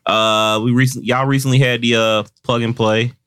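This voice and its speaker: A man's voice: medium pitch, little pitch movement, normal speed, fairly bright tone, clear, resonant tone, no echo, clean studio sound. A man hosting a podcast in casual chat, joking and teasing his guests in a loose, slangy way. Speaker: podcast host.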